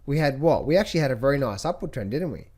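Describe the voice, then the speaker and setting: A man's voice: mid-range voice, rapid-fire. A man teaching trading as he walks through charts, repeating key phrases and asking rhetorical questions. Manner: repetitive, rhetorical questions, animated pointing out. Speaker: trading educator. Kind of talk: screen-share chart walkthrough.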